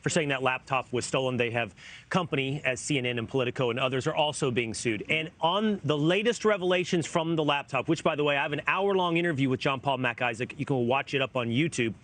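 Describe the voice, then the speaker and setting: A man co-hosting a news panel, delivering updates in a brisk, newsy way. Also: mid-range voice, a bit bright. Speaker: news show co-host. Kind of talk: morning news panel talk.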